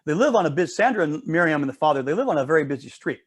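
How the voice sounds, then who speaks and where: A man's voice: on the high side, lively intonation, very fast, breathy edge. A man leading a Bible study, teaching casually through a story and checking in with listeners often.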